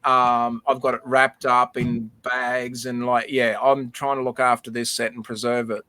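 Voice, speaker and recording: Brief: man, stream host, chatty and earnest, mid-pitched voice. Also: level tone, measured pace, sharp tone, no echo. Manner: emotional storytelling, repeats words. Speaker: livestream host. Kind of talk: casual chat.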